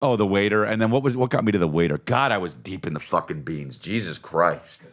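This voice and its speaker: A man's voice: deep voice, brisk. A man hosting a comedy podcast, telling stories casually with lots of swearing, and jumping in and out of bits and silly voices. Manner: animated, profane, jumps into bits and voices. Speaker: podcast host.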